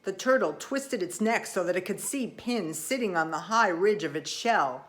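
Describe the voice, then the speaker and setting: A woman narrating a children's storybook in the first person, with expressive, lively delivery. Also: fairly low pitch, normal speed, hardly any pauses. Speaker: audiobook reader.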